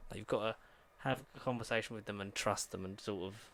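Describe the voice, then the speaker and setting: A man's voice: lowish voice, quick pace, vocal fry, a bit bright. A man co-hosting a podcast, recapping plots in a rambling way, full of "like" and restarts. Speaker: podcast co-host. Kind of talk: casual chat.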